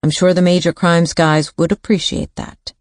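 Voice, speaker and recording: A determined woman investigator from an audiobook thriller, read by a woman narrator, urgent and firm as she presses her point. The voice is low and the sound dry and close. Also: little pitch movement, moderate pace, no echo, close to an everyday voice. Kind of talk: audiobook character voice.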